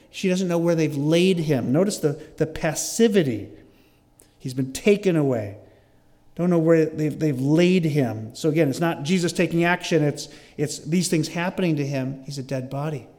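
A man's voice: high voice, darkish tone, long reverb tail. A man preaching a sermon as a pastor, reading scripture and explaining it verse by verse in an earnest way. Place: church sanctuary.

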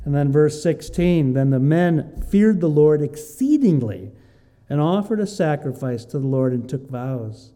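A man reading Bible verses aloud and explaining them in a lively, conversational teaching style. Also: mid-range voice. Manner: reads scripture aloud, then explains it with lively asides.

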